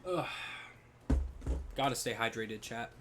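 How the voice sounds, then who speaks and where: Chatty male streamer with lively pitch. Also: takes it slowly, noisy background. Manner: relaxed, chatty. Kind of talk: casual game commentary.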